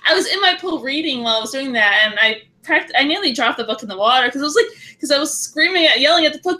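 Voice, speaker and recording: A woman's voice: high-pitched, fast talker, hardly any pauses, poor audio. A woman podcast host chatting enthusiastically with her guest in a casual interview. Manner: enthusiastic, chatty, animated reactions.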